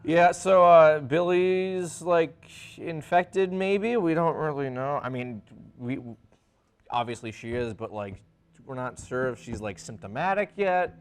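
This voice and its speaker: Slightly high-voiced man chatting casually. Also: a little slow, clean tone. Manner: chatty, plays out characters' lines while recapping. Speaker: podcast co-host. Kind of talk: casual review chat.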